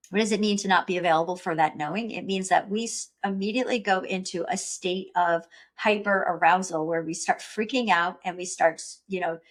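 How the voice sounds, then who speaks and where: A woman's voice: mid-range voice, a bit bright. A woman hosting a podcast, talking earnestly and reflectively in a personal monologue. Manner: earnest, self-reflective, acts out panicked inner voice. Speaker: podcast host.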